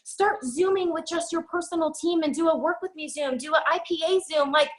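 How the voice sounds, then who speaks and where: This high, slightly bright female voice belongs to a young woman heading a network marketing team. On a video call she rushes through a forceful, sermon-like motivational speech, almost out of breath.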